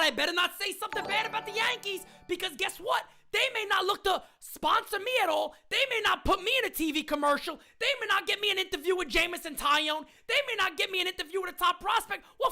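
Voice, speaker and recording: A woman hosting a fan live stream, ranting in a fiery, profane way, often shouting and repeating lines for emphasis. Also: very high-pitched, lively intonation, fast talker. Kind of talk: heated live-stream rant.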